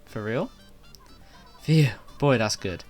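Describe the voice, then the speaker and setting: A man's voice: mid-range voice, lively intonation, takes it slowly, a little mellow, soft background music. A man voicing a small, frightened young male puni creature who talks in a jumpy, pleading way in a video game. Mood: scared.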